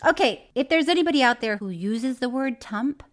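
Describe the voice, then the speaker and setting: Giggly woman co-host, bright and high. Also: expressive, fairly quick. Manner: giggly, playfully skeptical. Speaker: podcast co-host. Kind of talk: casual chat.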